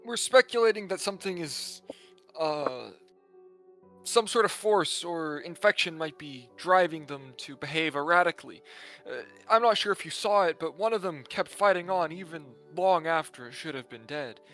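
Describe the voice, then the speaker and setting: A man playing his character in a tabletop game, speaking in a measured, polite and slightly formal way. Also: fairly high pitch, lively intonation, fairly bright tone, soft background music. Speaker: player. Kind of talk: in-character tabletop role-play.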